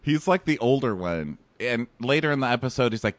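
A man's voice: medium pitch, animated, brisk, no room sound. A man co-hosting a podcast, chatting casually and jokingly about a reality show and acting out quotes. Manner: joking, acts out quotes in put-on voices. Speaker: podcast co-host. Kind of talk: casual show recap chat.

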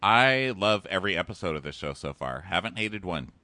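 A man's voice: low-pitched, lively intonation, fairly quick, bright, forceful tone, no room sound. A man co-hosting a podcast, chatting casually and acting out quotes in exaggerated voices. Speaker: podcast co-host. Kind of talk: casual chat recapping a TV show.

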